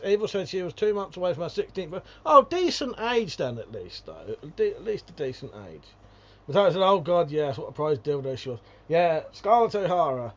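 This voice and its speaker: Over dull audio, a British man with a high-sitting voice hosts a casual livestream, reading viewer comments aloud. He rants profanely, swearing heavily and laughing often.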